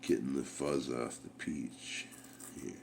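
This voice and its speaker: Middle-aged vlogger, slow rambling talk, faint hiss behind, recorded at home on a camera mic. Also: male voice, extremely low pitch, steady tone, gravelly. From Canada. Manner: rambling, halting, many fillers and restarts. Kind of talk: casual rambling vlog.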